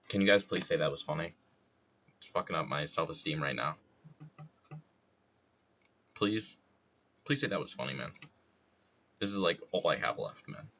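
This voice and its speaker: A man's voice: rumbling low, sharp tone, a little hiss or hum. A young adult man streaming casually while wood carving, joking, rambling and swearing freely at his own expense.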